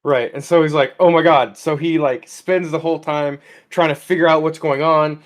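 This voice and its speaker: A man's voice: fairly high pitch, fairly even intonation, moderate pace. A man co-hosting a loose comedy podcast, telling a story in a rambling way. He slips into the characters' voices for quoted lines. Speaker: podcast co-host. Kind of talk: casual comedic chat.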